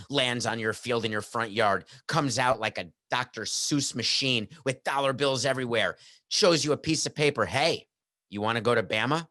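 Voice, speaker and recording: A man's voice: mid-range voice, sharp tone. A middle-aged man hosting a sports talk show, joking and sarcastic, full of rhetorical questions, talking into a headset mic. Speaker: podcast host. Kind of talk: casual sports talk monologue.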